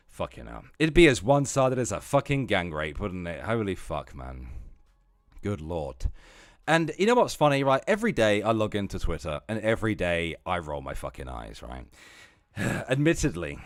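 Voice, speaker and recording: This livestream chat comes from a man who curses freely and wanders off topic, alternating loud outbursts with quiet mumbling. It has studio quality and no room sound.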